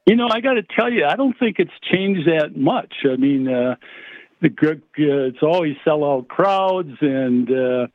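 An older man calls in over a thin, tinny phone line and talks in a fairly high, dry voice. He speaks haltingly and stops often on fillers and restarts as he answers a radio host. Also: animated, no room sound. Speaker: guest, former college basketball player.

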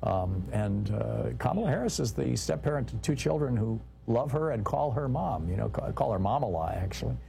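A man's voice: medium pitch, lively intonation, fairly quick, creaky, few pauses, warm tone, a little hiss or hum. A man hosting a call-in talk radio show, chatting casually with callers and correcting them.

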